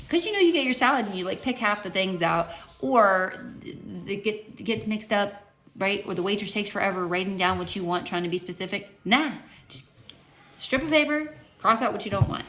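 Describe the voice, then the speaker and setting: Talking briskly at medium pitch, a woman from West Virginia chats with her viewers about her cancer treatment. Her lively storytelling is full of fillers and restarts, and there's slight background noise.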